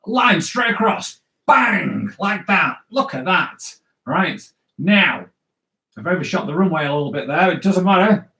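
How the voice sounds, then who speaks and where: A man's voice: a little high, lively intonation, moderate pace, sharp tone. Chatty man teaching drawing, roomy echo. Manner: upbeat, chatty, keeps checking "all right?". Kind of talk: live drawing lesson for kids. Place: indoors at home.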